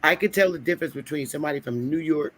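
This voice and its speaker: A man's voice: fairly high pitch, very fast, a bit bright. A man in a casual livestream discussion who speaks bluntly and insistently. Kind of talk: casual debate talk.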